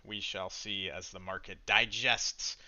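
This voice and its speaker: A man hosting a stock trading livestream, giving casual market commentary in excited, slangy chatter. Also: low voice, unhurried, muffled recording.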